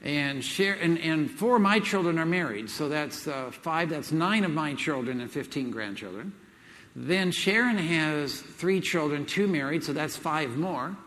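A man's voice: a little high, animated, unhurried, fairly bright tone. An older man giving a seminar talk, telling jokes in a folksy, chuckling way with lots of fillers. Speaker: speaker at a Christian event. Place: large hall with audience. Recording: hall with long reverb.

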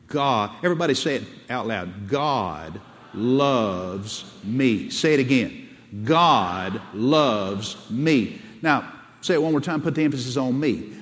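Preacher guy giving a sermon, mid voice, repeats himself, gets the church to say stuff back, big echoey hall. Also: medium pitch. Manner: preaches with call-and-response to the congregation, repeats words. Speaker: pastor. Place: church sanctuary.

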